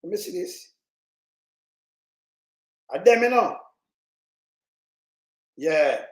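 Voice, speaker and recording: A man with a Jamaican accent, ranting commentary on the news, heated and preachy with sudden shouts. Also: high voice, very animated, drawn-out words, roomy sound, rough recording. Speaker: online commentator.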